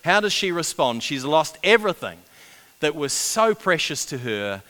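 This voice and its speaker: A man preaching a sermon, swinging between loud urgent build-ups and hushed, quiet passages. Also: on the high side, very animated, moderate pace. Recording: long reverb of a large hall.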